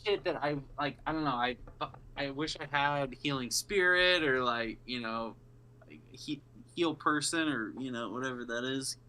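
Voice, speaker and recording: A man's voice: mid-range voice, moderate pace, pushed and bright, poor audio. A man narrating as the dungeon master of a casual tabletop game, loose and profane, often laughing.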